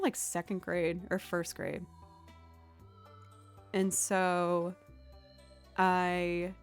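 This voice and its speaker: A young woman streaming, chatting casually with viewers in a rambling way, with lots of "like" and "um". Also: lowish voice.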